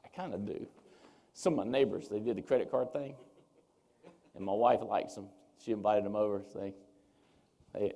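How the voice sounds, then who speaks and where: A man giving a seminar talk as a speaker, telling his story with lively, animated swings as he acts out what people said. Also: medium pitch, gravelly. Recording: reverberant hall.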